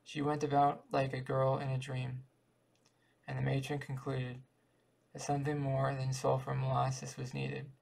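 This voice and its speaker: Gravelly guy reading a short story out loud, pretty monotone. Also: mid-range voice, measured pace, poor audio. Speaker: audiobook reader.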